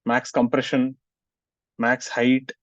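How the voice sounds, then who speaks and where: In a slow, monotone, mid-range voice, a male physics teacher delivers a lecture and reprimands students who aren't paying attention, often checking "getting it?" The sound is muffled and dry.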